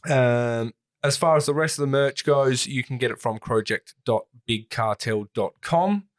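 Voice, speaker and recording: A laid-back man hosts a podcast in casual chat, his voice sitting at an ordinary, middling pitch. He rambles through announcements, filling pauses with "uh" as he goes. His delivery is easygoing and unhurried. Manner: relaxed and rambling, with frequent "uh" fillers. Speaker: podcast co-host reading announcements.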